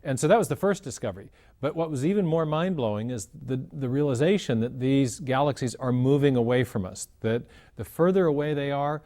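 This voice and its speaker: A man explaining cosmology in a measured lecture style, often restarting his phrases as he works through an idea. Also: mid-range voice, a little mellow.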